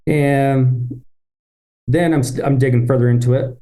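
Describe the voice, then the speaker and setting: A man's voice: medium pitch, fairly even intonation, moderate pace, warm tone. A man, a business-owner guest on a podcast, telling a story and acting out his own past thoughts and phone calls.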